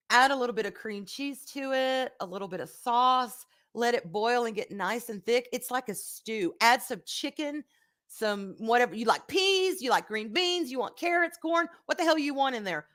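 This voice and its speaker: A woman's voice: fairly high pitch, expressive, moderate pace, fairly bright tone. A middle-aged woman hosts a casual livestream and answers viewer comments. She talks in a frank, emotional way and swears without a second thought. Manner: frank, emotional, swears freely, says y'all. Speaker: livestream host.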